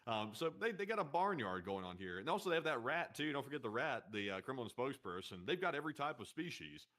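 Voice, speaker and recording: A man's voice: mid-range voice, sing-song, quick pace, bright, forceful tone. A man co-hosting a casual commentary stream, joking in a hesitant way with many fillers. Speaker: co-host. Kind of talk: casual banter.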